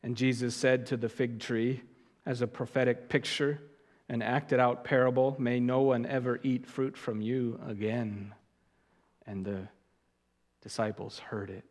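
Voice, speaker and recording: A male pastor delivers a sermon at an unhurried pace in a mid-range voice. He presses hard on his key words and then drops low for quiet asides. His voice rings out with the long reverb of a large church sanctuary. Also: flat delivery. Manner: emphatic, deliberate, swings from loud stresses to quiet asides. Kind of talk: expository sermon.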